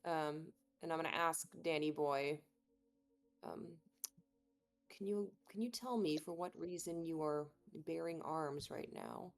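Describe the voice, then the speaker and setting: Woman player in a tabletop game, low creaky voice, lots of ums. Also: fairly even intonation, measured pace. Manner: hesitant, many fillers. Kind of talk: casual tabletop play.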